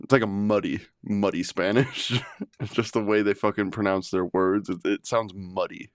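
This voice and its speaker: A man with a low voice chats casually on a podcast, cursing freely and breaking into laughter often. The sound is dry and close, with no room around it. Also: fairly even intonation, moderate pace, dry recording. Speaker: podcast co-host. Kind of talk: casual chat.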